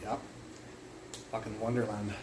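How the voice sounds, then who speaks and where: A man's voice: fairly low pitch, level tone, a little slow, a little hiss or hum, poor audio. A young man livestreaming from his phone, telling rambling stories in casual chat and swearing constantly. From Canada, Burnaby area. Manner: rambling, swears constantly, acts out loud yells in his anecdotes. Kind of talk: casual profane storytelling.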